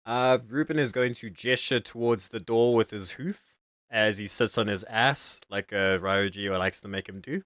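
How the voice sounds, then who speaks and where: A man's voice: on the low side, moderate pace, fairly bright tone, no room sound, clean studio sound. A young man running a tabletop game as game master, laid-back and chuckling, with fillers.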